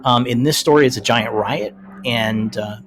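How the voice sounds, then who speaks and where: A man co-hosting a casual podcast, talking in an animated way and dropping into mocking quoted voices. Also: mid-range voice, moderate pace, background noise. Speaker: podcast co-host.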